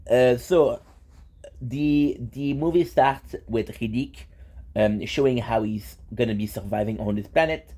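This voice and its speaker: A man's voice: medium pitch, unhurried, dark tone. A young man talking casually in a vlog, rambling with fillers and restarts. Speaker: vlogger.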